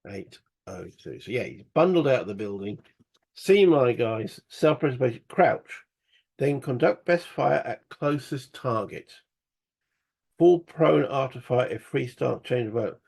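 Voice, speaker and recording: A man's voice: mid-range voice, animated, a little slow, creaky, a little mellow, slightly rough. A man playing a solo board game, muttering rule passages aloud and thinking through each move. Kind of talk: casual solo wargame playthrough.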